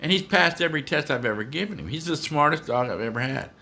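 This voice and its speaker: A man telling casual stories to the camera at home about his dog, animated and chuckling as he goes. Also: on the high side, quick pace. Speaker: dog owner.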